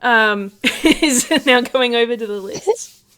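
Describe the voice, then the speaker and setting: A woman's voice: fairly high pitch, slow, a bit bright, clean tone. A woman narrating a tabletop game as game master, chatty and giggly with many fillers.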